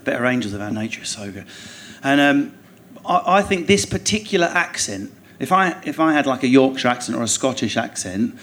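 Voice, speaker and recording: Animated laughing Essex man. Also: mid-range voice, a little fast, few pauses. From England. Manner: animated, laughing, swearing storyteller. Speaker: comedian guest. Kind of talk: podcast conversation. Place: theatre stage before an audience.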